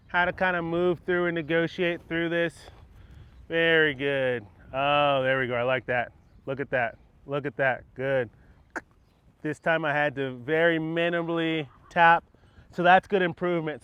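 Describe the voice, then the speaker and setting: A horse trainer talking calmly as he works a horse through a gate outdoors, praising it often and explaining each step. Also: a little high, clear, resonant tone, no room sound. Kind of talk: hands-on training demonstration. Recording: dull lo-fi audio with faint outdoor noise.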